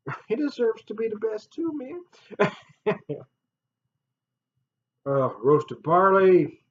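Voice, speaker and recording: Male beer vlogger, casual and joking, laughs a lot; slightly dull lo-fi sound. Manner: chatty and jokey, laughs often, swings up loud and high. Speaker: beer reviewer. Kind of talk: casual beer review vlog.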